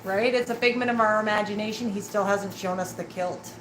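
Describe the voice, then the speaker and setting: A woman's voice: mid-range voice, steady tone, fairly quick. A woman doing a live-stream tarot reading, chatting and teasing with her viewers and laughing often. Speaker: tarot reader. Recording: clear background noise.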